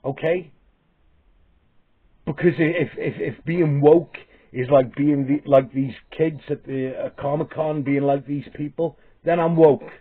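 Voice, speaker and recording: A man vents in a rambling vlog monologue, peppered with swearing and halting restarts. His voice sits a little high. The sound is tinny and phone-like. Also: fairly even intonation. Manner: heavy swearing, halting restarts, repeated "okay?". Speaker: vlogger. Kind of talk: ranting monologue to camera.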